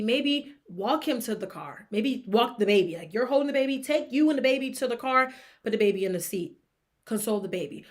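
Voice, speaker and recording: Opinionated woman podcaster with a high voice. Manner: opinionated, animated, talks straight to listener with rhetorical questions; breaks into high-pitched laughing disbelief. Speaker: podcast co-host. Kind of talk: casual sports gossip commentary.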